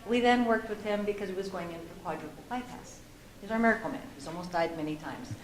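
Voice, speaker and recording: A woman panelist telling a lively story at a discussion panel, often laughing. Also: medium pitch, quick pace. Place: conference room with an audience. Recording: echoey room with faint noise.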